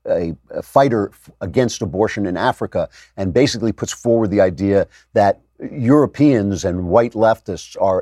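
A middle-aged man interviewing a guest in a political talk, thoughtful and halting, with many fillers. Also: on the low side, a little mellow, no echo, studio quality.

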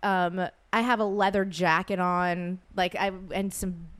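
A woman co-hosting a podcast who tells a travel story in lively casual chat, laughing and acting out the voices of people she quotes. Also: lowish voice, measured pace, clean tone. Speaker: podcast co-host.

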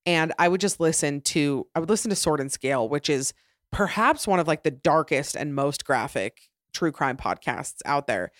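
A woman's voice: deep voice, expressive, moderate pace, no echo, clean studio sound. A young adult woman hosting her own podcast, talking in a chatty, rambling way with lots of "like" and restarts. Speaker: podcast host. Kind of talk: casual solo podcast chat.

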